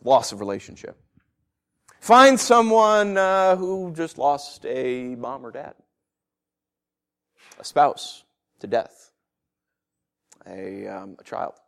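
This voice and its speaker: Guy preaching a sermon, voice jumps all over, goes quiet then loud. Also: medium pitch, takes it slowly, vocal fry, long pauses. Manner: animated, rhetorical questions, swings from quiet to loud.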